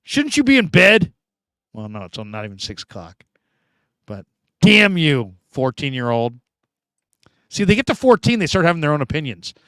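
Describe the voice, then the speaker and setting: A man hosting a sports show, chatting casually and reading viewer comments, animated and talkative with loud bursts and quiet asides. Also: a little high, fairly quick, no room sound. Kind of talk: casual live-stream chat reading comments.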